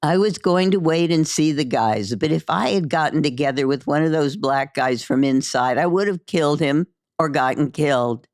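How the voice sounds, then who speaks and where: Memoir narrator, woman, measured first-person storytelling, mid pitch, dead-dry close sound. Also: a little mellow, no room sound. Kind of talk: audiobook-style memoir reading.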